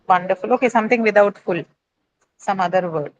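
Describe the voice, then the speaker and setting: A woman's voice: medium pitch, fairly quick, highs cut off. Woman teacher leading a pronunciation lesson. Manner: checks in with students, frequent "right?" and "uh" fillers. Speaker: English teacher. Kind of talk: classroom lesson on word stress. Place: classroom.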